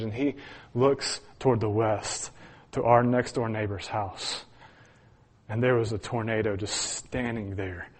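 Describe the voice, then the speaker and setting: A man tells a personal story from the pulpit. He speaks earnestly at a mid-range pitch, breaking into small chuckles and restarting his sentences as he goes. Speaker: pastor. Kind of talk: sermon storytelling.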